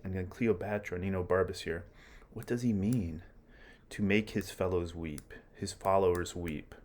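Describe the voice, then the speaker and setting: A man's voice: deep voice, fairly even intonation, normal speed, darkish tone. A man teaching a play in a casual, chatty lecture, full of fillers and small chuckles. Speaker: literature teacher.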